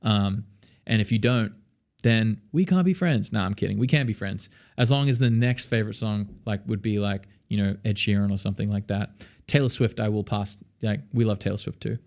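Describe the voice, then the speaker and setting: A man's voice: on the low side, a little fast, gravelly, darkish tone. A young Australian man with an Australian accent, teaching singing in a casual, chatty way full of fillers. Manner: chatty, lots of fillers, sings demonstrations. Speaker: vocal coach. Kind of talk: casual vocal lesson.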